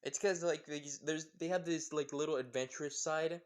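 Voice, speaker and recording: A man's voice: fairly high pitch, steady tone, brisk, clear, resonant tone. A man casually retelling a fan story, rambling with lots of fillers and self-corrections.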